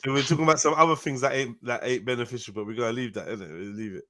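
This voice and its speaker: A man's voice: medium pitch, very fast, fairly bright tone. A man, chatting casually on a panel in a slangy, joking way. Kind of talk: casual chat.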